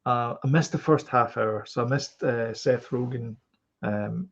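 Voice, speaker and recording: A man's voice: mid-range voice, fairly even intonation, a little slow, creaky. A Scottish man co-hosting a podcast, chatting casually and rambling with lots of fillers and restarts. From Scotland. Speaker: podcast co-host. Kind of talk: casual chat. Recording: dull lo-fi podcast audio.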